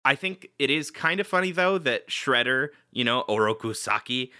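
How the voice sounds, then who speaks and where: A man's voice: mid-range voice, lively intonation, moderate pace, pushed and bright, clean tone, dry recording. Brief: male podcast co-host, laughs easily, hedging restarts, dry close-mic sound. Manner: joking, laughs often, hedges and restarts. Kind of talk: casual chat.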